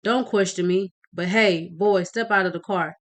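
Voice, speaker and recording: A woman's voice: medium pitch, moderate pace, lightly acted. A woman voicing a brutal male police officer in a read-aloud novel, threatening and barking. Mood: menacing.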